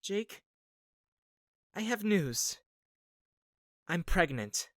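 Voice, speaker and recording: A man voicing a soft-spoken, hopeful young pregnant wife in a raised voice. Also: high-pitched, very animated, very slow, dry recording, studio quality, voice pushed up, full character voice.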